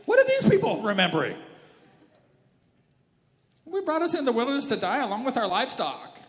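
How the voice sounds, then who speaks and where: A man voicing grumbling wilderness Israelites in a high, whining, exaggerated tone. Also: sing-song, brisk. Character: whiny complaining Israelites in the wilderness, grown men and women. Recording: reverberant church hall with faint music.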